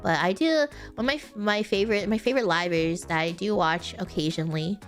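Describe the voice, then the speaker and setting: A woman's voice: fairly low pitch, brisk, faint music behind. A woman streamer in casual chat who rambles, giggles and keeps correcting herself mid-sentence.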